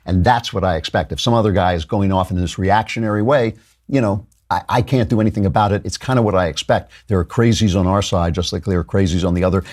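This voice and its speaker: Animated husky male commentator. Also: deep voice. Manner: fast, argumentative, laughs mid-sentence. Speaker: political talk show host. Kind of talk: opinionated commentary.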